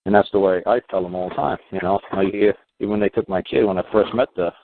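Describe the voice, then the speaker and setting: Deep-voiced man on a tinny line. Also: steady tone, fast, no echo. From United States. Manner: rambling and emphatic, many "you know"s and restarts. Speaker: talk show host explaining his legal views. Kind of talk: casual explanatory talk with a caller. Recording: phone-like line with faint hiss.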